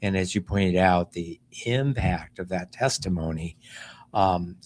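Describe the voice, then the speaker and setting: A middle-aged man, a doctor hosting, explaining things in a measured way. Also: sits low, slight background noise. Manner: measured, explanatory, with fillers and restarts. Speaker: doctor and host. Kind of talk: interview conversation.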